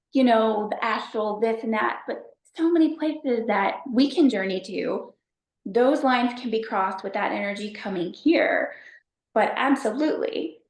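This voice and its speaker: A woman from Texas, a podcast guest telling stories in a chatty, animated way, full of fillers. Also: fairly high pitch, echoey room. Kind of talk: casual storytelling chat.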